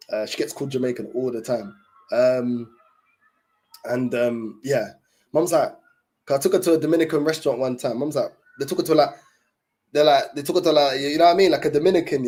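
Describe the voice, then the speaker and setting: A man's voice: medium pitch, fairly quick, a little mellow. A young man chatting casually to his livestream viewers, in laid-back, slang-heavy talk full of fillers. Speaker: livestream host.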